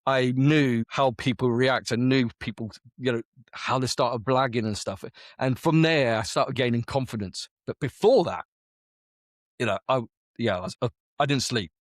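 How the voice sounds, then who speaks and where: A man's voice: medium pitch, moderate pace, dry recording. A man on close mic, a guest telling a story in a casual interview, chatty and repeating words as he goes. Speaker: guest, veteran business owner.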